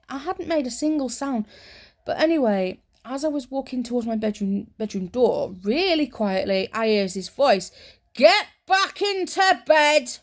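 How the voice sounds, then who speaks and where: A woman talking softly and rambling through stories in a soft-spoken ASMR chat, close to the mic. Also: fairly high pitch, vocal fry. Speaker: ASMR creator.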